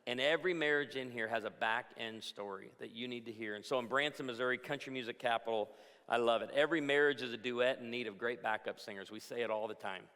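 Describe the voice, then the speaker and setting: A man's voice: medium pitch, fast, a bit bright. A middle-aged male pastor giving a humorous, storytelling conference talk to a crowd. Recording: long hall reverb.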